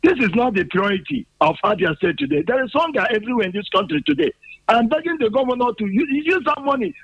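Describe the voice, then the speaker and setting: A Nigerian man speaks earnestly over a dull phone line to a radio show, his voice high-pitched. He lectures with conviction but trips over words along the way. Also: lively intonation, quick pace, gravelly, fairly bright tone. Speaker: radio caller. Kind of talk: phone-in call. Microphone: telephone.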